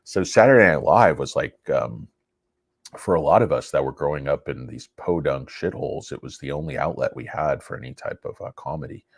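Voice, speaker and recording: A man hosting a stock investing channel, giving casual, rambling market commentary in an excitable, self-mocking way. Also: a bass voice, brisk, creaky, breathy edge, no room sound, studio quality.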